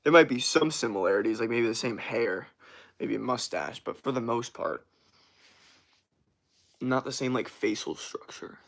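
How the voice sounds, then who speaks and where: A young man chatting casually on a morning livestream, loose and rambling, swearing often, with a rough morning voice. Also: mid-range voice, lively intonation, moderate pace, pauses often, fairly bright tone. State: morning voice, sore from workout. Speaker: streamer.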